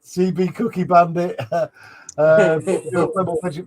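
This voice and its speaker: Male streamer, loose and giggly, rattling off chat comments, slightly higher pitch. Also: little pitch movement, moderate pace, a little mellow. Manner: reads chat messages aloud with frequent laughs and fillers. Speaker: livestream host reading chat. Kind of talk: casual chat.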